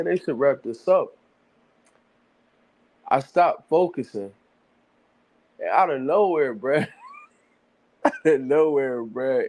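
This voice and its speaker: A man co-hosting a sports stream, talking in a relaxed, rambling way and keeping his volume low. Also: dry recording. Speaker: co-host. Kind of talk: casual sports talk.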